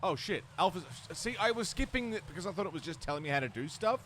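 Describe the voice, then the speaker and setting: A man's voice: sits high, animated, fast talker, a bit bright, a little hiss or hum. A man streaming a game live, chatting casually with viewers and poking fun at himself. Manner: chatty, talks to chat, self-deprecating. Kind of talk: live gameplay commentary.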